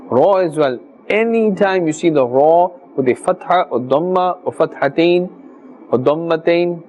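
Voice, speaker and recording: A man teaching Quran reading pronunciation, patiently explaining rules and slowly repeating words as models for his students. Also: on the high side, darkish tone, low-quality recording. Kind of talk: religious recitation lesson.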